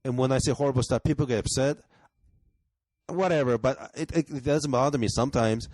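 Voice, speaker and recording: A man's voice: mid-range voice, a little fast, a little mellow, dry recording. Easygoing male comic chatting. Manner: affirming, frequent short agreements. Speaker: guest stand-up comedian. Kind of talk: casual podcast chat. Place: home man cave.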